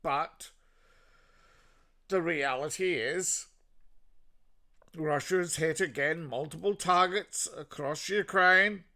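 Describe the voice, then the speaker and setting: A man's voice: a little high, slow pace, pauses often, bright, forceful tone. An Australian man giving a sarcastic, mocking solo commentary as host of his own show. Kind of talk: solo political commentary monologue.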